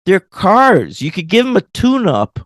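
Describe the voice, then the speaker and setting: A man co-hosting a casual film review podcast, animated and laughing often as he pokes fun at movie lines. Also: high-pitched, a little slow, dry recording. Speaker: podcast co-host.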